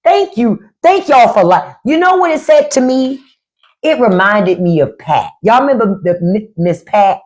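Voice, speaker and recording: A woman's voice: a little high, animated, moderate pace. A woman hosting a livestream, ranting bluntly and mockingly with plenty of profanity. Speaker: livestream host. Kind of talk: casual livestream rant.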